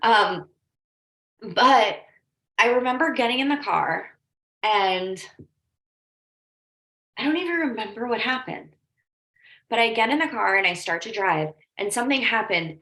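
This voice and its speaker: A woman life coach leads a casual training talk in an echoey room, chatty and filling her sentences with "like," plus storytelling asides. Her mid-range voice is expressive, pushed, and bright, at a moderate pace with long pauses.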